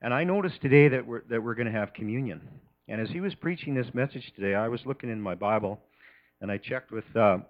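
A man giving an earnest, halting address to a church congregation before communion. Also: medium pitch, highs cut off. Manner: earnest, halting, many restarts. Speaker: church leader leading communion.

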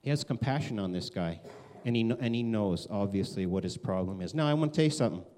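Guy preaching a sermon, chatty and animated, jumps way up when he acts out quotes. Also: fast talker. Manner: animated, conversational, acts out quotes with big pitch swings. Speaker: pastor.

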